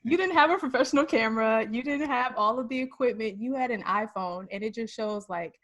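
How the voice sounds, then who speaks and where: Female co-host, higher pitch, encouraging and faith-centered. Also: brisk, a bit bright. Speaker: podcast co-host. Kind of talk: casual podcast interview.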